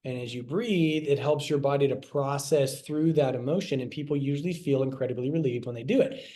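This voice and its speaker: Here a middle-aged health class presenter teaches casually, speaking in a fairly quick, warm, mid-range voice. He keeps things conversational, repeats himself, and voices little quoted lines.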